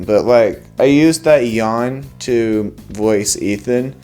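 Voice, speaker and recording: A young man talks about his animation work in a loose, rambling vlog style, often pausing to say "like." His voice sits at an ordinary mid pitch and stays easygoing throughout. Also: soft background music. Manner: relaxed, rambling, with frequent fillers. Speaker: animator and channel host. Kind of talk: casual vlog explanation.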